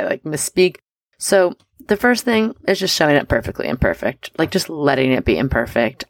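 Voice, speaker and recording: A woman's voice: sits low, creaky, dry recording, clean studio sound. A woman in her thirties hosting a spirituality podcast, talking in a chatty, bubbly way full of fillers and little laughs. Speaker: podcast host. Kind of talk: casual chat.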